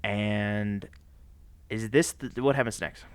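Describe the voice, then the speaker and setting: Lively low-voiced man recapping a movie. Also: slow pace, clean tone, dry recording. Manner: animated, laughs often, slips into voices for characters. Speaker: podcast co-host. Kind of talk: casual movie plot recap.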